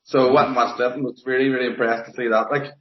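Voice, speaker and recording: A softly spoken man with a Northern Irish accent, answering interview questions plainly and modestly. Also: medium pitch, fairly even intonation, fast. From Northern Ireland. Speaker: interview guest, armwrestler. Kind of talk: casual interview. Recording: echoey, muffled lo-fi audio.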